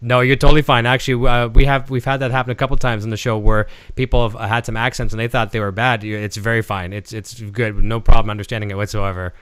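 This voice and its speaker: A man's voice: medium pitch, flat delivery, fast, hardly any pauses, a bit bright, clear, resonant tone, dry recording. A man with a Canadian accent hosting a casual livestream chat, signing off in a friendly, rambling way. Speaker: show host.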